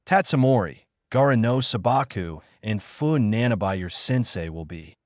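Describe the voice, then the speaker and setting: A man's voice: on the low side, expressive, moderate pace, no echo, clean studio sound, natural voice. A man voicing a stern adult male ninja teacher announcing teams in a storybook reading. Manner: announcing, brusque.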